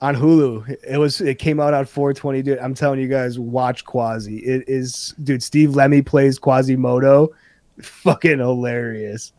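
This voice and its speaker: A man co-hosting a casual movie podcast, excited, swearing often and laughing a lot. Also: mid-range voice, moderate pace, dry recording. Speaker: podcast co-host.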